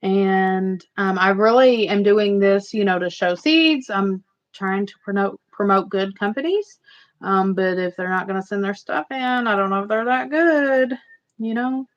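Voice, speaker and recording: Speaking a little slowly, a woman with a middle-pitched voice hosts a laid-back livestream and rambles chattily to her audience. Her audio comes through slightly muffled and low-fi.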